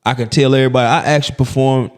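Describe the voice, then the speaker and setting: A comedian from Birmingham, telling stories in a casual interview, full of restarts and laughter. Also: male voice, mid-range voice, racing, smooth. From Birmingham, Alabama. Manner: animated, repetitive restarts, laughing as he tells stories. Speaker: comedian guest.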